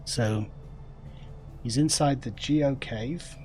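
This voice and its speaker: A man's voice: medium pitch, slow pace, darkish tone, a little hiss or hum. A man with a northern English accent chatting casually with a friend on a gaming stream, patiently explaining words. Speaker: streamer playing a space game. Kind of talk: casual chat.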